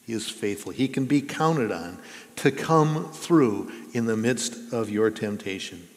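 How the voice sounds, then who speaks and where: A man's voice: fairly low pitch, animated, unhurried. A man preaching a sermon as pastor, earnest and conversational, asking his listeners questions. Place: church sanctuary. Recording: reverberant church hall.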